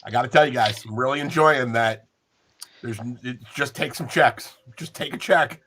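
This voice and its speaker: A man running a tabletop game as game master, playful, with quick asides. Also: mid-range voice, fairly bright tone, slight background noise.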